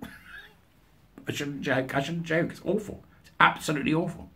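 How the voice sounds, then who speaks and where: A male commentator reads news articles aloud, mocking them with sarcastic, scornful asides and often laughing at his own jokes. His voice is on the high side, sharp in tone and a little slow.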